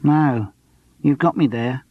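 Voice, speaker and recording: A man voicing a blunt, deadpan young barman, in a dry, close audiobook reading. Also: medium pitch, takes it slowly, dry recording, dull audio. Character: spotty young male barman, blunt and laconic.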